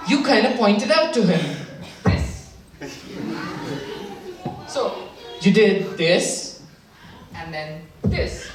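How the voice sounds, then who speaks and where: A man doing stand-up comedy, teasing and coaxing the audience through a routine with self-mocking jokes. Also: high-pitched. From India. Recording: distant mic in a very echoey hall with noise.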